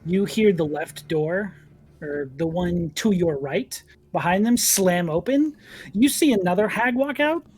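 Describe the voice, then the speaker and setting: A man acting as dungeon master, narrating a tabletop game in a relaxed, descriptive way and reading out game rules. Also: high-pitched, measured pace, husky.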